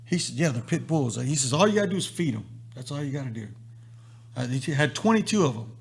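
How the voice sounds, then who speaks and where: A man's voice: medium pitch, quick pace, creaky, slightly rough. A man hosting a live stream, telling a long story and acting out the lines of the people in it. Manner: animated storyteller acting out quotes. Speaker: host.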